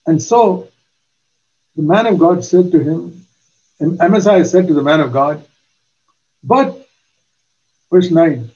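An older man preaching a sermon, giving earnest testimony with slow, emphatic pauses. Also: on the high side, expressive, warm tone, muffled recording.

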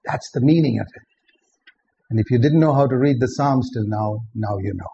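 A man's voice: mid-range voice, normal speed, gravelly, mellow, husky. A man preaching a sermon, earnest and direct, often putting questions to the listeners. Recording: dull lo-fi recording with faint background noise.

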